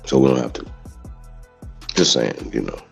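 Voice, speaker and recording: Deep gravelly man. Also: lively intonation, moderate pace, soft background music. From Mississippi. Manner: blunt, heated, rambling, profane. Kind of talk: casual livestream talk. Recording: dull lo-fi audio.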